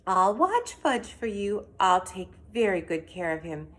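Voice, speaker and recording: A woman's voice: medium pitch, very animated, measured pace. A woman voicing a bossy, pushy schoolgirl in a read-aloud storybook, talking in an insistent, wheedling way. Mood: eager, wheedling.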